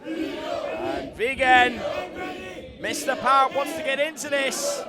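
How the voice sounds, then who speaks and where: A man calling a wrestling match live, excitable and joking, often shouting over the action. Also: very high-pitched, slow. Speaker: wrestling commentator. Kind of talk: live play-by-play commentary. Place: indoor wrestling venue. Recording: loud live crowd and arena noise.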